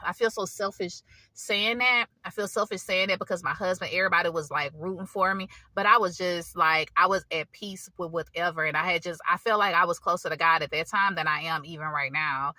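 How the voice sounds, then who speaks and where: A woman shares a personal testimony in a loose, conversational way. She speaks to her viewers as y'all and often restarts her sentences. Her voice is bright and sits a little low, and the recording is dry and close. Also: a little fast, no echo. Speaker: faith vlogger. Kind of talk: personal testimony, casual storytelling.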